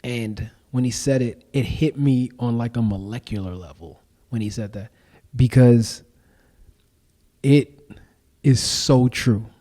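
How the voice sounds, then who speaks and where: A man talking casually and emphatically as a podcast guest, full of slang and lively stories. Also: medium pitch, takes it slowly. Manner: animated, emphatic storytelling with slang. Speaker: podcast guest and show founder.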